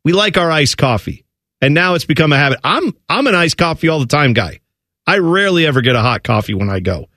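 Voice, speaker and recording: A man co-hosting a sports radio show, bantering casually with quick incredulous retorts. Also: fairly high pitch, big pitch swings, sharp tone, no room sound, clean studio sound. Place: radio studio.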